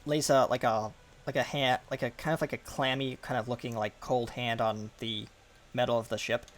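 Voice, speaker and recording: A man's voice: medium pitch, fairly even intonation, moderate pace. A man narrating as game master, describing scenes in a rambling, filler-heavy way.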